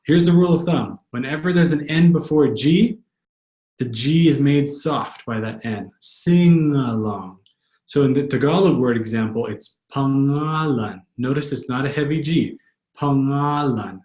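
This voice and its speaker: A male language tutor giving a pronunciation lesson, patiently repeating words slowly. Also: mid-range voice, dark tone. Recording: echoey room.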